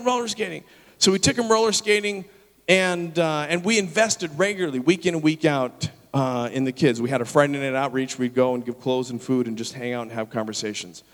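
A pastor telling a story in a sermon and acting out the people in it. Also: male voice, a little high. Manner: animated, acts out the people in his story. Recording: long reverb of a large hall.

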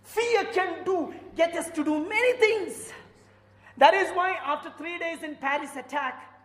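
A man's voice: very high voice, measured pace, a bit bright. A man with an Indian accent who is studying for the priesthood, preaching a sermon through stories that rise to fervent emphasis. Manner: storytelling, rising to fervent emphasis. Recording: echoey church with long reverb.

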